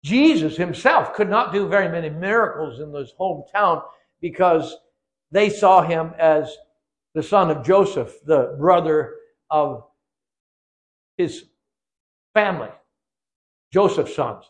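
A man's voice: a little high, lively intonation, slow pace, long pauses. An older man preaching a sermon in a church, emphatic and repetitive, weaving in his own life story. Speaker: guest preacher.

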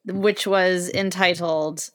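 A woman's voice: lowish voice, fairly even intonation, takes it slowly. Chatty enthusiastic woman podcaster. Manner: enthusiastic, chatty with frequent fillers and restarts. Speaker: podcast co-host. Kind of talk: casual chat.

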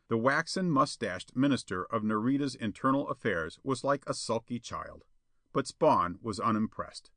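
A male narrator reads an old adventure story with expressive, lively intonation. His voice is bright and forceful, and the recording is dry and close-miked. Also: mid-range voice, moderate pace, no echo. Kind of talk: audiobook reading of a pulp adventure tale.

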